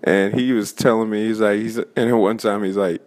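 Man, 20s, slightly low voice, profane rambling stand-up comic venting. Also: fairly even intonation, fairly quick, few pauses, a little mellow. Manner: profane, rambling, restarts mid-sentence. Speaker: open-mic comedian. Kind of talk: casual rant.

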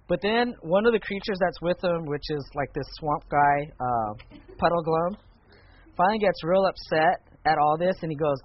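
Male teacher of a church class, fairly high voice, chatty and animated, lo-fi muffled audio. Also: normal speed. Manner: conversational, animated when retelling a story. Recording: muffled lo-fi recording.

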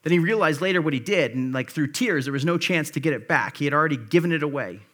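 A man's voice: a little high, expressive, fast talker, fairly bright tone. A man preaching a sermon, reading scripture aloud and paraphrasing it in a casual, conversational way. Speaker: pastor.

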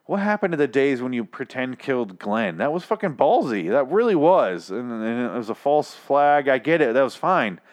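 An exasperated young man rants through a TV episode review, cursing freely and mocking the writers in put-on voices. His pitch leaps up and down in lively swings. Underneath he sounds tired and achy, with a drink in him. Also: normal speed, hardly any pauses. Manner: profane, exasperated ranting with mocking impressions. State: tired, achy after whiskey. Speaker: podcast host.

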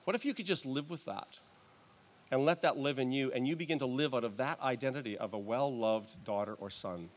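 A male pastor with a mid-range voice delivers a sermon in church, speaking conversationally and haltingly with restarts and soft chuckles.

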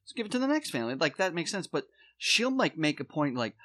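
A woman's voice: deep voice, big pitch swings, a bit bright. Chatty woman co-host. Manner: quick reactions, chatty back-channel. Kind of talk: casual chat.

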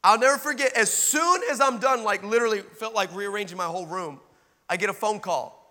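A man with a high, bright voice preaches a sermon, acting out the dialogue of his story and rising into emphatic exhortation. His voice carries the long reverb of a large hall. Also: a little fast.

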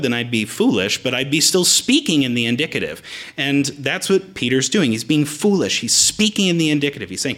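Brief: male preacher, mid-pitched, very animated delivery, explains the Greek text. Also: normal speed. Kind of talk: sermon.

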